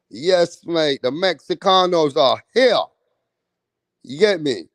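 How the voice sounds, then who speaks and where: A man's voice: a little high, lively intonation, slow, creaky, no room sound. A man hosting a casual live stream, chatting with viewers in hyped, profane, slangy banter.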